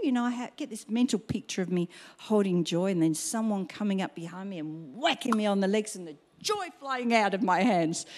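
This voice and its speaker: A middle-aged woman preaching a sermon, acting out her own exclamations in an animated way. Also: medium pitch. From Australia.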